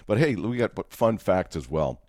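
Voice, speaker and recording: A man's voice: sits low, sing-song, moderate pace, darkish tone, no echo, studio quality. A man co-hosting a casual podcast, joking and laughing often with his co-host. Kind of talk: casual chat.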